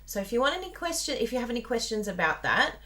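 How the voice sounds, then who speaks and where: A woman's voice: fairly high pitch, very animated, fast talker, bright, forceful tone. A woman with an Australian accent hosting a chatty live card-making tutorial, bubbly and talking straight to her viewers. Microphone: plugged-in microphone at a desk.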